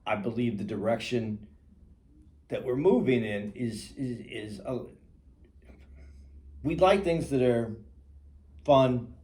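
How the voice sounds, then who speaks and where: A man co-hosting a podcast, speaking in a measured, reasoning way in casual discussion. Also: medium pitch, a little mellow. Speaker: podcast co-host.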